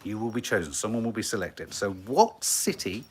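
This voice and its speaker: A man's voice: on the low side, lively intonation, normal speed, breathy edge. A man co-hosting a casual live family stream, playful and drawing out his questions to viewers. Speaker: co-host.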